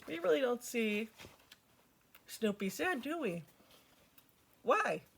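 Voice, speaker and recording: A woman's voice: on the high side, lively intonation, unhurried, gravelly, slight background noise. A woman reading a picture book aloud to children as a storytime host, with chatty asides to her listeners.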